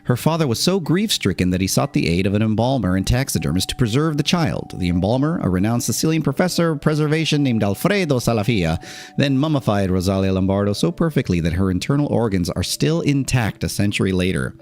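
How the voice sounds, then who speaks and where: A man's voice: fairly low pitch, big pitch swings, quick pace, a little mellow. A man streamer reading an article aloud on a live stream, with casual asides and laughs in between.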